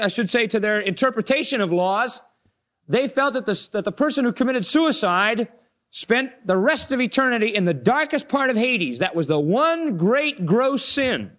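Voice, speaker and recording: A man preaching a sermon and retelling a Bible story dramatically, raising his voice for the opponents and dropping it low and quiet for the weighty lines. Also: animated, moderate pace. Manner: dramatic retelling, acts out the Pharisees in a raised voice.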